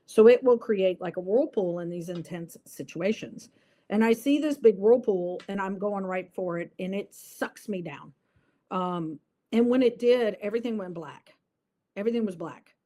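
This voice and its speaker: A woman's voice: mid-range voice, normal speed, warm tone. A woman guest in an interview, telling a personal story earnestly and vividly, with many fillers.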